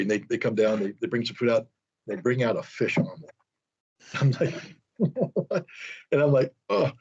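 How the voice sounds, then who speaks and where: Husky American man telling a story. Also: fairly low pitch, a little mellow. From United States. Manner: rambling, self-deprecating storyteller with restarts. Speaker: guest. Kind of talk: telling an anecdote in an interview. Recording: dull lo-fi sound.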